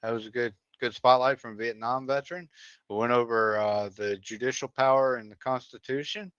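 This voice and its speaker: A man's voice: mid-range voice, fairly even intonation, normal speed, a bit bright, clean tone, no echo, muffled recording. A man co-hosting a veteran livestream, recapping the episode in an easygoing way with plenty of "uh" fillers. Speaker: co-host of a veteran livestream show. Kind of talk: casual livestream recap chat.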